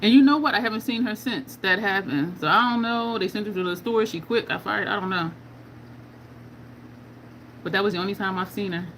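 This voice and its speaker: The poor audio carries slight background noise as a middle-aged woman speaks fairly quickly in a medium, fairly bright voice. She's hosting a beauty video, chatting casually with viewers while applying makeup and telling stories with asides.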